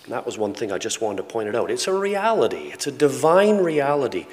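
A man preaching a sermon in earnest tones, often repeating words and dropping to a soft, hushed voice. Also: mid-range voice, sing-song, a little fast. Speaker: pastor. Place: church sanctuary with a congregation. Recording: long reverb of a large hall.

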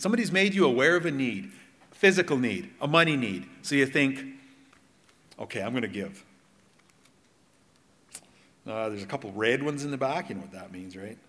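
A middle-aged man preaching a sermon in a conversational way, asking the congregation questions and swinging between loud and hushed. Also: medium pitch, big-room sound. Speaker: pastor. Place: church hall.

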